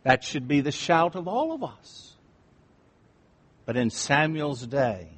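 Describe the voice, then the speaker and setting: A man preaching a sermon as pastor, slow and deliberate, dropping his voice low for emphasis. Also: big pitch swings, slightly rough. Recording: long reverb in a large room.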